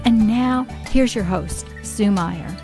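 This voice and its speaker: Woman announcer over loud music. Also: medium pitch, slow. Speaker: show announcer. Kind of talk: scripted introduction.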